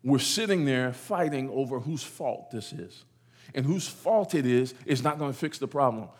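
A man preaching a lively sermon. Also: mid-range voice, normal speed, husky. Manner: animated preaching, acts out voices, repeats phrases. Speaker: pastor.

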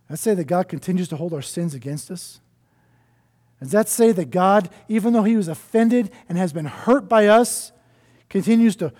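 A male pastor preaching a sermon in an earnest way, often dropping to a soft hush to stress a point. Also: sits high.

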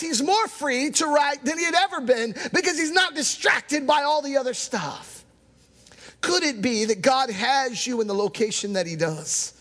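A man pastor preaching a sermon with emphatic delivery, at times raising his voice to a shout. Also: very high voice, big-room sound.

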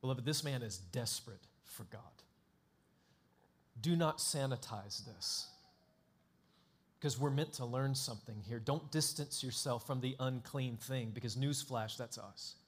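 A male pastor preaching a sermon in an emphatic, dramatic way, swinging between hushed and loud. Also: medium pitch, unhurried, slightly rough.

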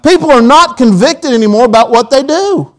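A man's voice: extremely high pitch, animated, brisk, a bit bright, poor audio. A man preaching a sermon in a church auditorium, telling folksy personal stories with quoted asides.

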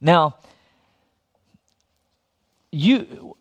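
A male pastor preaching a lively sermon, often repeating phrases and chuckling between points. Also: fairly high pitch, drawn-out words, breathy edge, highs cut off.

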